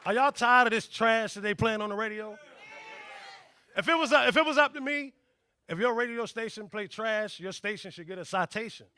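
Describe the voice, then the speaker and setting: Stand-up comic, man, high and bright, animated, playing characters on a club stage. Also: normal speed, some chatter behind. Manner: loud, animated, acts out characters. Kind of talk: stand-up comedy set. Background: audience laughter.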